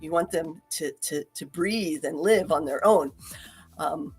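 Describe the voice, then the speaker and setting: Woman, host, casual chat, breathy, quick laughs, faint music. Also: deep voice, darkish tone. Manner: chatty, laughs often, many restarts and ums. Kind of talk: casual talk.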